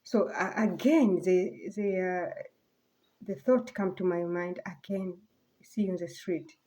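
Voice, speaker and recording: Brief: woman vlogger, mellow soft voice, halting and rambling, slips to near whispers. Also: medium pitch. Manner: halting, rambling, many fillers and restarts. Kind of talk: casual personal vlog monologue.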